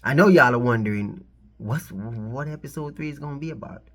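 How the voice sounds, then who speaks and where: A man's voice: mid-range voice, fairly quick. A man hosting his own channel, giving casual, rambling commentary on the music scene, repeating himself and playfully pleading with viewers. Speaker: channel host.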